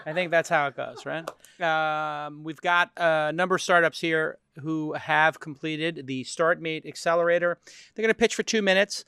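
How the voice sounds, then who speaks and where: A man hosting a studio talk show, joking and bantering with his guests before the pitches. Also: steady tone, normal speed, bright, forceful tone, clear, resonant tone, no room sound. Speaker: podcast host.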